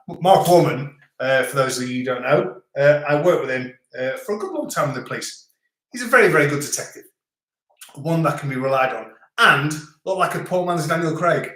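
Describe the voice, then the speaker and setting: A man's voice: on the high side, fairly bright tone. A middle-aged man hosting a live stream, chatting casually and rambling as he reads out viewer comments. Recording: echoey room.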